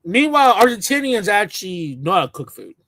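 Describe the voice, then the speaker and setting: A man's voice: high-pitched, big pitch swings, a little fast, fairly bright tone, no room sound. A man ranting sarcastically to camera, mocking and repeating himself in bursts. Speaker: commentator.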